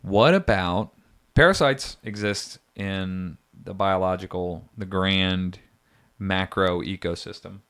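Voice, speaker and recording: A man's voice: deep voice, slow, fairly bright tone, clean tone. A man co-hosting a podcast in casual chat, rambling and jokey, often mocking himself. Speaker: podcast co-host.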